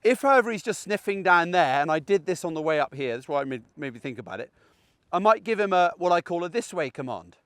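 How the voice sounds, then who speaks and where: A man's voice: on the high side, lively intonation, fast, a bit bright, clean tone, dry recording, studio quality. A middle-aged man, a dog trainer, explaining recall training in a chatty, conversational way while out on a walk. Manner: chatty and explanatory, checks in with "okay?". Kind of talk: outdoor training tutorial. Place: outdoors in a field on a dog walk.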